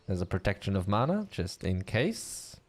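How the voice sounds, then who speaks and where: A chatty male game commentator with a slightly roughened voice. His pitch swings widely as he calls the fights and banters with chat. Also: sing-song, moderate pace. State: voice getting rough. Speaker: league commentator.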